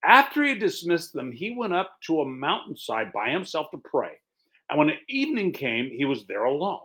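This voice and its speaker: A male pastor giving a relaxed, conversational sermon, reading scripture aloud and explaining as he goes. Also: fairly high pitch, moderate pace.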